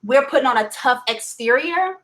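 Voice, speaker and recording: Reflective woman podcast guest, high voice. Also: lively intonation, normal speed, a bit bright. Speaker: podcast guest, early childhood expert. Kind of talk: podcast interview, conversational.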